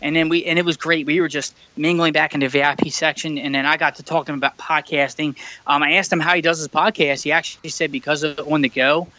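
A man's voice: a little high, level tone, quick pace, sharp tone, no echo, low-quality recording. A man, co-hosting a podcast and telling a rambling story full of fillers, recorded over a remote call. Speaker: podcast co-host. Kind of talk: casual chat. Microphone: remote call mic.

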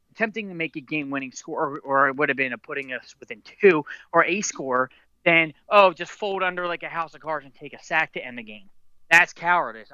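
A man's voice: fairly high pitch, sharp tone, clear, resonant tone, no room sound, muffled recording. A man co-hosting a casual sports talk show, ranting heatedly and stumbling over repeated words as he restarts his sentences. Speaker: sports podcast co-host.

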